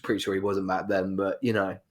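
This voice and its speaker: A man's voice: low-pitched, little pitch movement, fairly quick. A man from London with a London accent co-hosting a casual sports chat, rambling through jokey rants. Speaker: podcast co-host.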